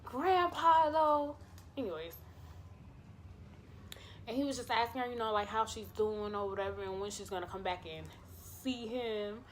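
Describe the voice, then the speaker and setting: A woman vlogger telling a personal story in a casual, animated way, acting out the dialogue and swearing freely. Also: a little high, moderate pace, long pauses, a little hiss or hum.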